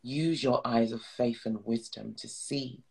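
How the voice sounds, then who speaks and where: A man leading a slow, solemn guided prayer and meditation, soothing and at times dropping to a whisper. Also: medium pitch, steady tone, vocal fry, a little mellow, breathy edge, low-quality recording. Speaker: spiritual guide.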